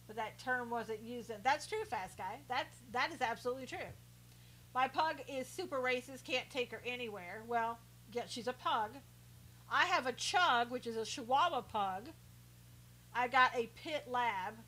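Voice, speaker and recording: A woman's voice: a little high, sharp tone, a little hiss or hum, low-quality recording. A woman hosting a live stream, chatting casually and sarcastically as she reads out viewer comments, often laughing.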